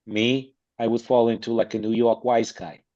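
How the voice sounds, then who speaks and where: A man's voice: mid-range voice, flat delivery, moderate pace, warm tone. A man speaking as a podcast guest about acting, blunt and emphatic in a streetwise way. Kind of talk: casual interview chat. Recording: slightly dull lo-fi sound.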